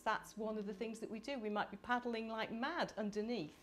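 A middle-aged woman from the United Kingdom speaking at a conference, animated and chatty with laughing asides. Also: on the high side, a little fast, few pauses, slight background noise. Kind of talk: conference talk. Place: conference hall.

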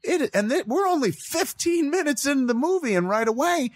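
A middle-aged man hosting a casual chat, talking in an animated, profane way and acting out lines in quoted voices. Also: extremely high pitch, fairly quick, no room sound, studio quality. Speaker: podcast host.

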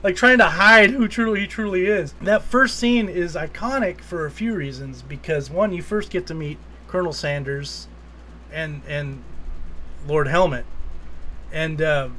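A man with a slightly high voice co-hosts a casual movie podcast. He rambles through scenes with plenty of swearing and laughs as he retells them. Faint background noise sits under his voice. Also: moderate pace, bright, forceful tone. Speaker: podcast co-host. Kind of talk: casual movie review chat.

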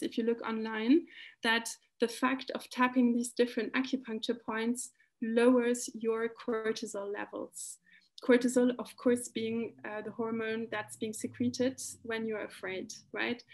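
A woman giving a calm, explanatory talk on tapping, often restarting her phrases as she guides listeners through the points. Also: fairly high pitch. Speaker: EFT practitioner giving a talk.

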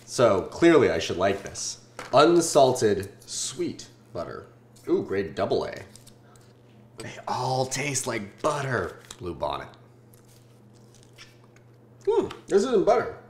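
A man in his twenties from Southern California hosting a casual food-tasting vlog, joking and swearing in deadpan asides. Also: mid-range voice, takes it slowly, long pauses, roomy sound, a little hiss or hum. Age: 20s.

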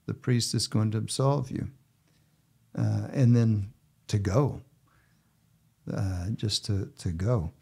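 Measured, gentle-spoken man. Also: medium pitch. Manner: measured, gentle, with frequent filler uh. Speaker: bishop and podcast host. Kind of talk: conversational podcast chat.

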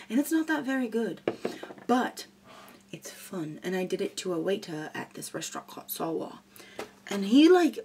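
A young beauty vlogger goofs around and chats while working through a makeup tutorial, rambling as she goes. Her voice is lowish and creaky, and there's a faint hiss or hum behind it.

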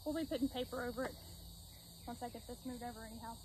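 A woman's voice: fairly high pitch, fairly even intonation, quick pace, a little mellow, slight background noise, rough recording. A woman in a backyard garden, chatting to the camera as she explains each step of her work. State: out of breath at times. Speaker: gardening vlogger. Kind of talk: casual talk to camera while working.

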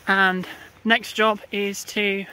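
A balloon retrieve driver giving a casual running commentary outdoors, explaining each step with frequent pauses. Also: mid-range voice, little pitch movement, sharp tone. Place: outdoors in a field and by a car.

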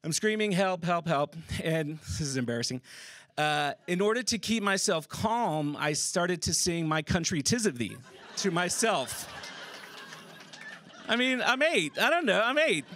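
A man telling a true personal story on a theater stage, casual and animated, swearing and laughing as he goes. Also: high-pitched, unhurried, a little hiss or hum. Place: theater stage before a live audience. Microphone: stage microphone.

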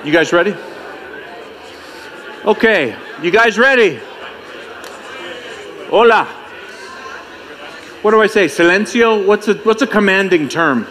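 A man's voice: high voice, animated, takes it slowly, long pauses, a bit bright. A man emceeing a conference, bantering and joking with the audience in a playful, teasing way. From United States. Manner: playful, teasing, self-mocking.

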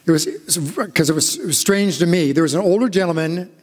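A male pastor giving a conversational sermon, telling stories in a halting way with frequent restarts. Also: on the high side, a little mellow. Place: church sanctuary. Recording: long church reverb.

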